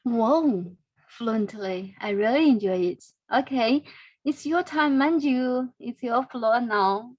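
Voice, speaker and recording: A woman leads an online English class, speaking slowly and encouragingly as she coaches pronunciation. Her voice sits fairly high. The sound is dry and close. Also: no room sound, dull audio. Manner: slow, encouraging, repeats words for practice. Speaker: English teacher. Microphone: video call.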